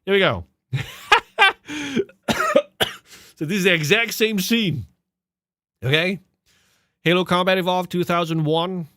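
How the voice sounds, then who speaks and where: A man's voice: mid-range voice, fairly bright tone, clear, resonant tone, no echo. A man hosting a podcast and reacting to game clips in casual commentary, sarcastic and mocking, swearing and laughing often. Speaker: podcast host.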